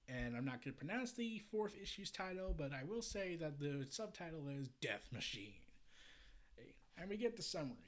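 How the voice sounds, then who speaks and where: A man's voice: fairly high pitch, sing-song, normal speed. A man casually reviewing a comic, chatty and a bit stumbling as he summarizes.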